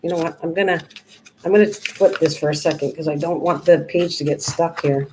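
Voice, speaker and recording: A woman's voice: low voice, fairly even intonation, brisk, background noise. An older woman hosting a live crafting stream, chatting casually, rambling and answering viewers as she works. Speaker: crafting livestream host.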